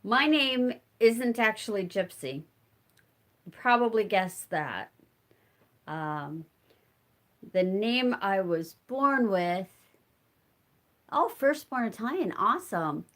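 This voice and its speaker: Spinning fiber at home, a middle-aged homestead vlogger from the United States chats casually on a live stream and responds to viewer comments. She speaks on the high side, with a slightly bright quality.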